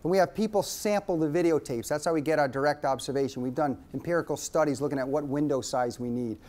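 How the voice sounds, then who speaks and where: A man presenting a workshop lecture to an audience, an animated storyteller who repeats key points for emphasis. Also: on the high side, fast.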